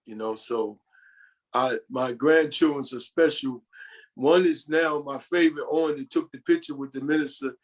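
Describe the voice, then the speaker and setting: A man's voice: medium pitch, fairly even intonation, moderate pace. An older man from New York, a podcast guest, telling long rambling stories about his family and often quoting what others said. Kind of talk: storytelling in an interview.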